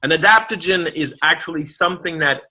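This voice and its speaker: Middle-aged male presenter, earnest explainer, bright forceful tone. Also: fairly high pitch, brisk, poor audio. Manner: earnest, explanatory, frequent word repeats. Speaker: product presenter. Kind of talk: promotional health talk.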